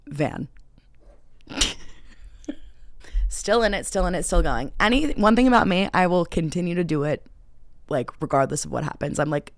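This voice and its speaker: A woman's voice: lowish voice, expressive, a little slow, pauses often, dry recording, studio quality. A young woman hosting a podcast, telling a dating story in a chatty, filler-heavy way with frequent laughter. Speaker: podcast host. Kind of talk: casual storytelling.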